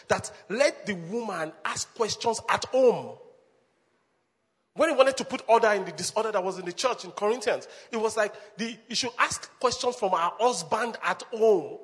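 A man preaching as a pastor, animated, laughing often and calling the congregation to answer back. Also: sits high, slightly rough. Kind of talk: sermon. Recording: long hall reverb.

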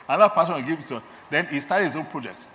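A man's voice: fairly high pitch, animated, fairly quick, sharp tone, slight background noise. A man with a Nigerian accent preaching a sermon, emphatic and repeating his key phrases. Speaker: lay preacher and doctor. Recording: long hall reverb, faint ambience.

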